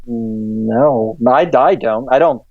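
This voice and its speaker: A man co-hosting a podcast in casual chat, halting and repeating his words. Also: mid-range voice, no room sound, soft background music. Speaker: podcast co-host. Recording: dull, muffled mic.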